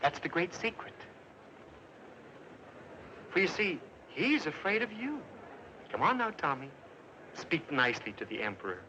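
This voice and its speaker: A meek, gentle animal lover. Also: male voice, on the high side, very animated, a little slow, pauses often. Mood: gentle coaxing. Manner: soft, coaxing, humbly polite. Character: meek, gentle man who loves animals. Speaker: film actor. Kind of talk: 1950s film acting. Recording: dull, hissy 1950s film soundtrack.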